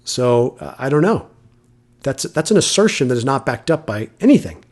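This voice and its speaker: A man's voice: medium pitch, sing-song, moderate pace, darkish tone. Argumentative man hosting a podcast. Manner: argumentative, rhetorical questions, frequent restarts. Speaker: podcast host. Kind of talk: solo commentary podcast.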